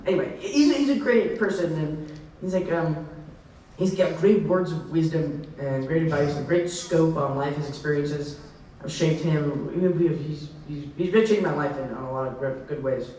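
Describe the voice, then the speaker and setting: A man's voice: fairly high pitch, moderate pace, warm tone, slight background noise. A young man answering fan questions at a convention panel, rambling and restarting sentences with laughing asides. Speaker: celebrity panel guest. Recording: echoey convention hall from far off.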